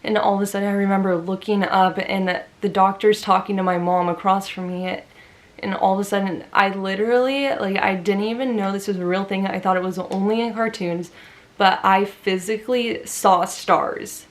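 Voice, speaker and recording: A woman's voice: mid-range voice, steady tone, moderate pace. Earnest woman vlogger telling a story. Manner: earnest, emphatic, frequent "like" fillers. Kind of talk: personal storytelling to camera.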